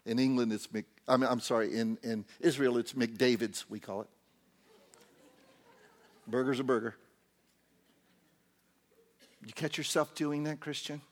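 A man delivers an animated sermon in a church. His voice sits high and leaps widely in pitch. He moves from loud to hushed and slips into acted-out voices as he preaches. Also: normal speed. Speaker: pastor.

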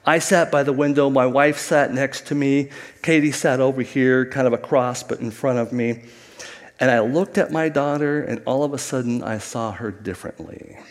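A man's voice: medium pitch, moderate pace. Middle-aged guy preaching in a church, chatty storytelling with asides to the room, long echoey hall reverb. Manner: conversational storytelling with asides to the congregation. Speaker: pastor. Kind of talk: sermon.

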